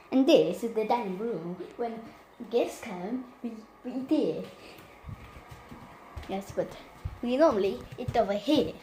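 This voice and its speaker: A woman's voice: fairly high pitch, dark tone, slight background noise. Chatty, jokey girl's voice on a house tour. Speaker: vlogger giving a home tour. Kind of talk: casual tour walkthrough. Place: inside a house, moving from room to room.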